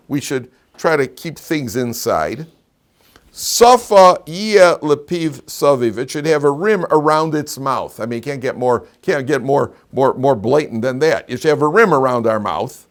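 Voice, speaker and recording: A man, a rabbi teaching a Torah class, who tells jokes and anecdotes and often repeats his phrases. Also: mid-range voice. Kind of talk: classroom lecture.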